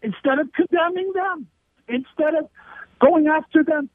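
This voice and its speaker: High-voiced indignant man on a phone line. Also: measured pace, no room sound. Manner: indignant, emphatic, hammering repetition. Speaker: guest commentator. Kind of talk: phone-in interview commentary. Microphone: telephone line. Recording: tinny dry phone line.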